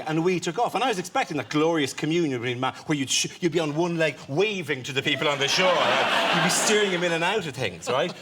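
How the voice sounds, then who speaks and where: An Irish man, a comedian guest on a chat show, telling stories in an animated way and laughing through them. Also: fairly high pitch, slight background noise. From Ireland. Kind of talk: anecdotal storytelling on a chat show. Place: television studio.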